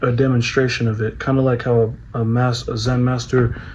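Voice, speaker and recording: A young man tells a personal story in a loose, rambling way, restarting sentences and leaning on "like" and "bro". His voice sits at an average pitch. The audio is dull and lo-fi with a faint hiss. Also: flat delivery, fairly quick. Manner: rambling, repeats words, heavy fillers like "bro" and "like". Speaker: vlogger.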